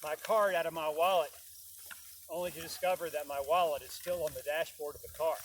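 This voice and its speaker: A man telling a personal story in a casual, animated way, often checking in with "right?". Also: on the high side, a little fast, slight background noise. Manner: animated, tags lines with "right?". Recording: distant mic, loud crickets outside.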